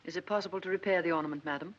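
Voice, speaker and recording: An actress playing a cold, stiff housekeeper who speaks with formal, clipped politeness in a 1940s film. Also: female voice, on the low side, fairly even intonation, racing, lightly acted. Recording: dull hissy 1940s film soundtrack.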